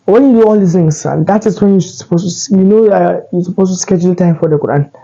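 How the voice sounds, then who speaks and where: A man's voice: high-pitched, quick pace, creaky, dark tone, highs cut off. A man giving casual advice in a loose, rambling way, full of fillers and self-corrections. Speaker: Muslim self-improvement creator.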